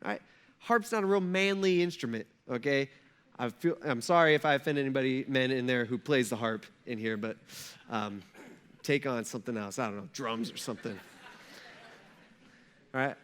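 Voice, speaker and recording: A man's voice: medium pitch, normal speed, long pauses, fairly bright tone, clear, resonant tone. A young adult man, a pastor preaching a sermon in a casual, humorous storytelling way.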